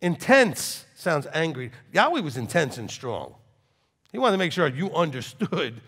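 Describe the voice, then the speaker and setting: Intense rabbi preaching in a hall. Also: male voice, vocal fry, breathy edge. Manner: intense, swings from loud forceful bursts to quiet low talk. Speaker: rabbi teaching a congregation. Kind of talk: sermon.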